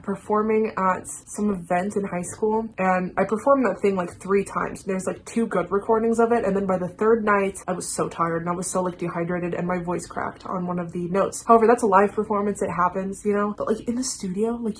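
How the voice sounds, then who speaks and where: Chatty young woman with a faint hiss. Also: medium pitch. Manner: chatty, animated, often sings short bits. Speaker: music commentator. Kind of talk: casual video commentary.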